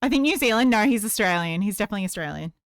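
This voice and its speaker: Woman streamer in casual live chat, playful and talkative; crisp, very animated delivery. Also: medium pitch, rapid-fire, no room sound, clean studio sound. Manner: chatty and playful, reads chat aloud.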